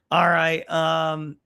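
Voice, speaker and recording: A man hosts a live stream, talking bluntly, profanely and in a rambling way. His voice is bright and forward. He moves between heated rants and reading viewers' comments aloud. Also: a little high, gravelly.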